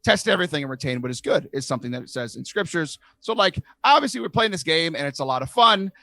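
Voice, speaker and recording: Male podcast host, high bright voice, a bit hoarse, earnest and chatty. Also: quick pace, no echo. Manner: earnest, animated, heavy use of "like". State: losing his voice. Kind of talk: casual podcast chat.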